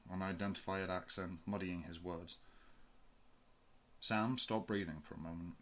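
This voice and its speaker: A man reading a science-fiction audiobook in a low, steady voice. His storytelling is measured and even, pausing between phrases. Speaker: audiobook reader. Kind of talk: fan audiobook narration.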